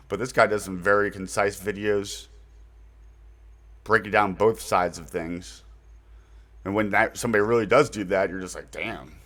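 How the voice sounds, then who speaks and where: In a casual, unscripted monologue, a man on his own channel introduces his website and meanders through recommendations using fillers and mild slang. His voice is on the low side and a bit bright.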